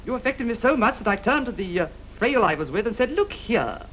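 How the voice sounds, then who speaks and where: High, fluttery English lord. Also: male voice, sing-song, a little fast, a bit bright, a little hiss or hum, exaggerated voice, poor audio. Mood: dim, courtly. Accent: English upper-class. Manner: affected, drawling, prattling. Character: foppish, chatty English lord. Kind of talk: 1930s screwball film comedy.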